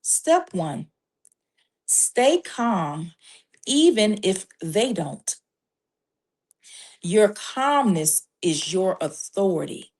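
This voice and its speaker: Woman life coach, unhurried and emphatic, mid-pitched, teaching step by step with scripture. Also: big pitch swings, darkish tone. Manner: measured, emphatic, lists steps with scripture. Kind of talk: faith-based parenting advice talk.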